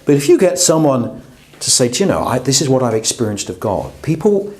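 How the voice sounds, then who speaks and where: A man's voice: mid-range voice, very animated, fairly quick, a little mellow. A man, a pastor, teaching a class on preaching in a conversational way, often checking in with his listeners. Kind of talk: lecture to a class.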